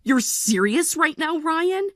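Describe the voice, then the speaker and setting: A woman in her forties playing a tired but resolute mother in a text-story drama, speaking in a calm, measured way. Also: sits high, dry recording, studio quality. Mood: calm resolve. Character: weary, resolute mother leaving her family.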